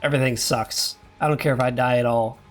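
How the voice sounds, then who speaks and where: A hoarse man in his thirties chatting casually and rambling while streaming a game. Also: mid-range voice, fairly even intonation, a little fast, soft background music. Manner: rambling, self-deprecating, many fillers. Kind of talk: casual gameplay chat.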